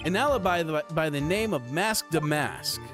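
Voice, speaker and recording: A man's voice: a little high, animated, moderate pace, pitched above the performer's own voice, close to an everyday voice. A Canadian man voicing an earnest young male defense lawyer in a video game, reading over game music.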